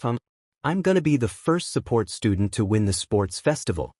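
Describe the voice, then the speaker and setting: A man reading a fan story, voicing a tired, determined teenage boy who talks softly and hesitantly. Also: medium pitch, big pitch swings, moderate pace, dry recording, studio quality. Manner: soft, hesitant, mumbling.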